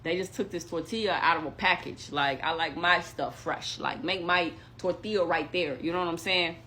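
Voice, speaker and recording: A young woman telling a story in casual chat, animated and acting out what others said. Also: lowish voice, normal speed, a little hiss or hum. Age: young adult.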